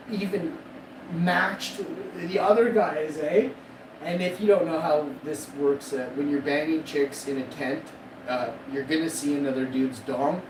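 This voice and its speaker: Boastful profane man, echoey distant. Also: on the high side. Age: 40s. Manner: boastful, profane, laughing at his own story. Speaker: streamer. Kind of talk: rambling live-stream storytelling. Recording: echoey room, distant mic, loud background noise.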